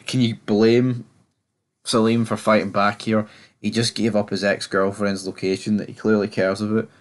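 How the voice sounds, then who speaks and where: A young man giving a casual, rambling review of a TV episode, often stammering and restarting, sounding exasperated. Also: lowish voice. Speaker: TV review channel host.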